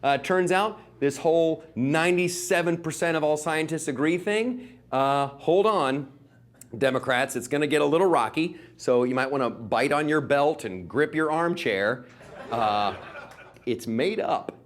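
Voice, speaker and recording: Sarcastic male comedian, slightly high voice. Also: a little slow. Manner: sarcastic, rambling with fillers. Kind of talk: stand-up comedy monologue.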